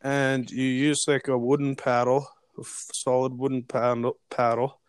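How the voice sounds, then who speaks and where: A man's voice: medium pitch, little pitch movement, moderate pace, clean tone, dry recording, studio quality. A young man co-hosting a podcast in casual chat, laid-back and laughing, with a sprinkling of swearing. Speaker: podcast co-host.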